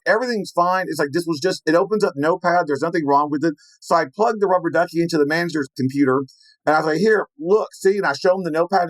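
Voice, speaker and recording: A man telling a story in an animated way, acting out the lines of the people in it. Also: fairly high pitch, no echo, poor audio. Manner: lively, acts out quoted lines in his story. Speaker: penetration tester telling a story.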